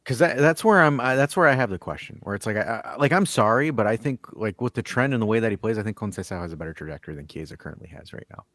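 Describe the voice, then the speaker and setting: A man's voice: on the low side, expressive, rapid-fire, hardly any pauses, a bit bright, dry recording, studio quality. A man hosting a casual call-in sports podcast, reading viewer comments and arguing his point with lots of stammered restarts. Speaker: host.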